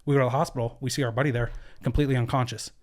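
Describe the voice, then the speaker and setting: A man's voice: medium pitch, fairly even intonation, rapid-fire. A man as a podcast guest in a studio, telling a personal story earnestly, with many fillers and restarts. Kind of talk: candid conversational storytelling.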